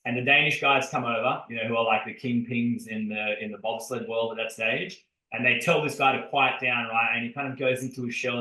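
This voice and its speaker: A man's voice: mid-range voice, a little fast. A man co-hosting a podcast for chiropractors, telling stories with energy and talking straight to the listeners. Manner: energetic storytelling, addresses listeners directly. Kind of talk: casual podcast chat. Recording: roomy echo.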